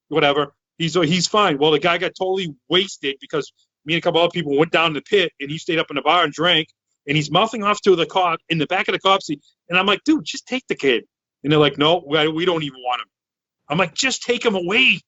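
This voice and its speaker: On a podcast he co-hosts, a Massachusetts man in his thirties tells a story in loose, rambling fashion, loud and excitable, with lots of restarts. His voice is bright, forceful and a bit high. The audio has no echo and comes across dry and a little dull, much like a lo-fi online call.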